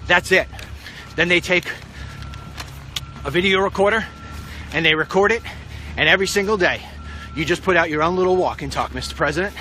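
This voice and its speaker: Here a middle-aged political vlogger, voice fairly high and sharp in tone, gives rambling, confident commentary as he walks outdoors on a street. It's captured on a handheld phone with slight background noise, and he talks to the president directly.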